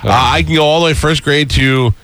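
A man's voice: on the high side, steady tone, a little fast, background noise. A man hosting a radio show, joking and teasing his co-hosts in casual banter.

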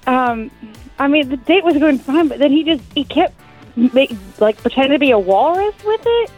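A woman's voice: high-pitched, expressive, normal speed, highs cut off, faint music behind. A woman calling in to a radio show, telling her story hesitantly with many fillers and laughs. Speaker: caller. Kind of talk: phone call on radio.

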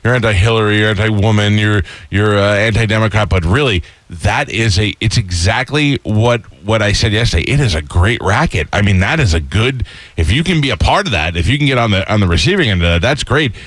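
A man's voice: lowish voice, big pitch swings, brisk, fairly bright tone, no echo. A man from Staten Island hosting a radio interview, speaking in a hesitant, agreeable way with frequent restarts. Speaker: radio host.

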